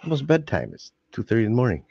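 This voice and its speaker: A man's voice: mid-range voice, sing-song, fast, gravelly, dark tone, slightly rough, dry recording. Male streamer, mid-range voice, rambling and jokey, dry lo-fi home sound. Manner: rambling, joking, laughs often. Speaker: livestream host. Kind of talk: casual late-night livestream chat. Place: home at night. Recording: dull dry home mic.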